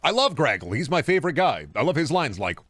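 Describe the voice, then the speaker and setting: A young man streaming a video game, chatting casually with a rambling, jokey, profane manner and sudden excited outbursts. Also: a little high, quick pace, no echo. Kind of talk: casual gaming stream chat.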